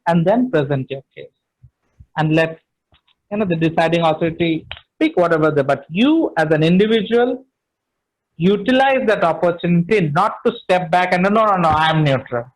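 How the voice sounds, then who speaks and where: Indian english man, high-pitched, animated trainer voice, emphatic. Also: moderate pace, rough recording. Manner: animated, emphatic coaching with many "you know" fillers. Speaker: speaking trainer. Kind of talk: online training session.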